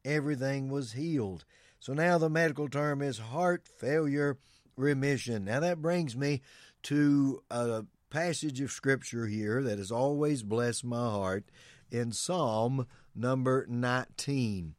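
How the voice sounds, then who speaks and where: A man's voice: medium pitch, slow pace, dry recording, studio quality. Man preaching an earnest sermon. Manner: earnest preaching with Bible quotations. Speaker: pastor.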